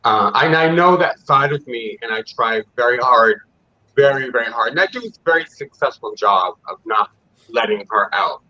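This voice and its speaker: Man, guest, candid, easygoing, bright, dull lo-fi call audio. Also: medium pitch, expressive, moderate pace. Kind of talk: casual chat.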